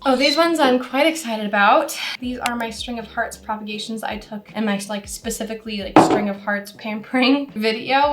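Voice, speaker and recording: A young woman with a slightly congested voice from a cold, chatting casually and rambling a little in a vlog. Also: medium pitch. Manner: chatty, rambling, self-deprecating. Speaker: plant content creator. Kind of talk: casual vlog talk to camera.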